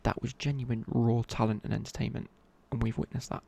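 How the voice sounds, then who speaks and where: Gravelly whispering man, whispered ASMR chat. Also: medium pitch, fairly even intonation, a little fast, dark tone. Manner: rambling, casual, many fillers and restarts. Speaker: ASMR creator.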